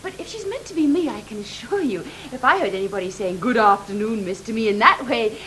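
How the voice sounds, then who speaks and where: Proud young woman in mourning, high, expressive, hushed to sharp, 1980 television drama, hissy tape. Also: quick pace, poor audio. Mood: indignant. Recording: hissy old tape recording.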